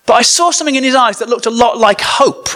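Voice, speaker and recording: Guy preaching, pretty high voice, chatty and jokey, tells stories. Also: fast, pushed and bright. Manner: conversational, jokey asides. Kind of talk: sermon with comic storytelling.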